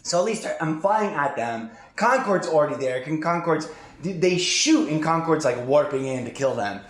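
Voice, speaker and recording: A man hosting a podcast, telling a story in casual chat to his sibling, rambling and animated, full of fillers and swearing. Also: on the high side, moderate pace. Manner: rambling and animated, heavy use of "like", swears often. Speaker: podcast host. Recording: roomy echoey raw audio.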